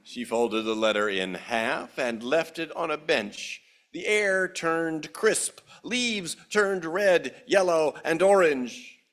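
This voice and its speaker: Expressive, unhurried male minister. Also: fairly high pitch. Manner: gentle, expressive storytelling. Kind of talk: storybook reading and ceremony in church.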